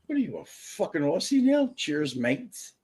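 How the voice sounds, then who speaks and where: A man co-hosting a podcast in loud, profane, brash banter. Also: high-pitched, sing-song, measured pace, slightly rough. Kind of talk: crude casual banter.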